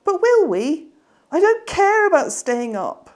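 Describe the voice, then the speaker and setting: A woman voicing a small clingy boy, high, loud and whiny. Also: very animated, takes it slowly, full character voice. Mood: whining.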